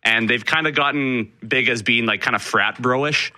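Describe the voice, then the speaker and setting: Bright-voiced Canadian man, quick radio chat. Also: mid-range voice, dry recording. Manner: animated, quick, laughs while teasing. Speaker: radio show co-host.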